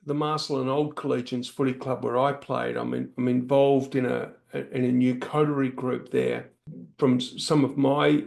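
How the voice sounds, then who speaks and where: Gravelly-voiced man. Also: mid-range voice. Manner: musing, thinking aloud with fillers. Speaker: podcast host. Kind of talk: casual interview conversation.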